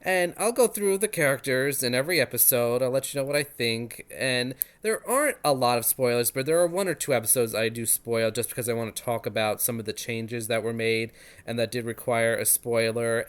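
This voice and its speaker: A man's voice: medium pitch, lively intonation, normal speed, clean tone. A man in his thirties hosting a review channel, talking in a chatty, enthusiastic, self-deprecating way. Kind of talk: casual spoken review.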